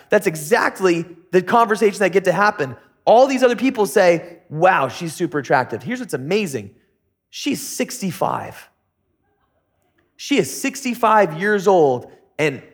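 A middle-aged man preaching a sermon as pastor, conversational with jokey asides. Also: fairly bright tone. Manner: conversational, jokey asides with sudden high-pitched bursts.

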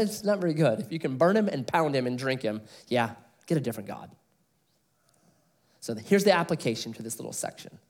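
A middle-aged pastor preaches an expository sermon, telling stories with animated delivery. He laughs at his own jokes, and his pitch runs fairly high.

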